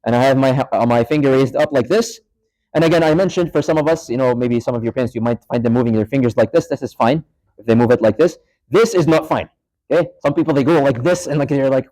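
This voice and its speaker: A man's voice: mid-range voice, fast, mellow, low-quality recording. A man teaching a live class in a mosque, casually walking students through a prayer demonstration and quizzing them as he goes. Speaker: Islamic studies teacher.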